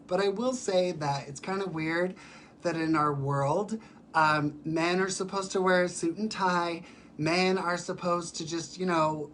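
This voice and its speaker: Raspy, sick drag performer chatting. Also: male voice, fairly high pitch, a little hiss or hum. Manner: chatty and animated, with many fillers. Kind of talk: casual livestream chat. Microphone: phone or webcam for a live stream.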